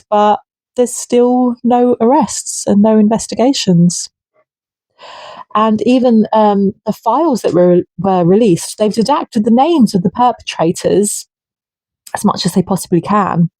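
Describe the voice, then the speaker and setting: A woman's voice: medium pitch, unhurried, warm tone, no room sound. A woman ranting to camera, heated and indignant, swearing freely. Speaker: vlogger. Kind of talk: impassioned political rant.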